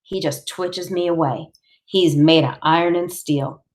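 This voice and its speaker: A woman reading a novel aloud in the first person with a steady, intense storytelling manner. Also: sits low, a little slow. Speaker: audiobook reader.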